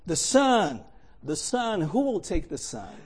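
A man's voice: sits high, big pitch swings, slow pace, a little hiss or hum, full character voice. A man acting out an insistent auctioneer as he calls out bids in a sermon story. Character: stern older male auctioneer, persistent.

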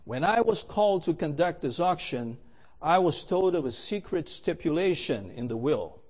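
A man's voice: on the high side, sing-song, normal speed, darkish tone. A man acting out an insistent auctioneer as he calls out bids in a sermon story. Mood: solemn. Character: stern older male auctioneer, persistent.

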